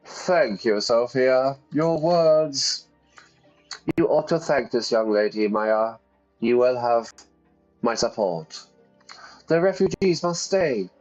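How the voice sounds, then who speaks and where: A man's voice: mid-range voice, lively intonation, darkish tone, pitched above the performer's own voice. Man doing a lofty old nobleman. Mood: gracious. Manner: formal, measured speech. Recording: slightly dull lo-fi sound with faint music.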